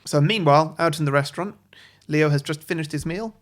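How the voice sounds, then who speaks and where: A man's voice: on the high side, brisk. A man, co-hosting a podcast and telling an imagined story casually, with many ums and self-corrections. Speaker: podcast co-host. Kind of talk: casual chat, pitching an imagined sequel plot.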